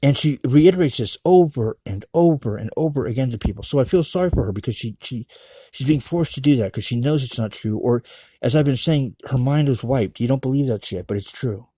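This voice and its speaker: Guy ranting through a long story, swears a lot, warm low-key tone, dry sound. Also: expressive, a little fast, husky, dry recording. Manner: profane, rambling, emphatic. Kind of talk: casual personal storytelling.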